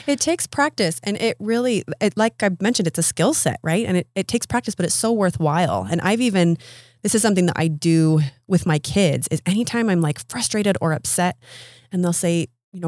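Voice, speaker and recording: A woman's voice: lowish voice, expressive, fairly quick, a little mellow, dry recording, studio quality. A woman in her thirties speaking as a podcast guest, explaining her ideas in an earnest, coaching way. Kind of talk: casual interview conversation.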